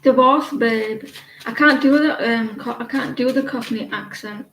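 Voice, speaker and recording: Here the British tarot reader sounds fairly bright, still fairly high-pitched and at normal speed, as she rambles and gossips with many hesitations on her casual stream. It's a low-quality, reverberant recording with a little hiss or hum.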